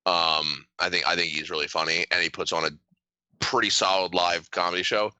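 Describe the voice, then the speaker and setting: A man's voice: sits low, a little fast, smooth, dry recording, rough recording. A young man co-hosting a podcast in casual chat, telling stories and acting out quotes in funny voices. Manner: animated storyteller, acts out quotes in voices. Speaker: podcast co-host.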